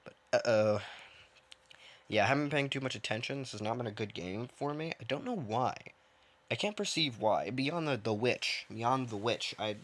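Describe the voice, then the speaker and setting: Lower-voiced guy rambling through his game from his room, jokes at his own expense. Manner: rambling, self-mocking, thinks aloud. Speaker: gaming streamer. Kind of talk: casual gameplay commentary.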